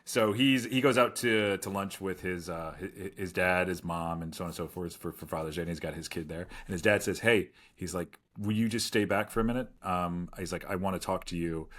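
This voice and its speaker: A man's voice: deep voice, a little fast, few pauses, fairly bright tone. A man in his forties co-hosting a casual podcast, telling a rambling story full of restarts and quoted asides. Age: 40s. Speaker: podcast co-host.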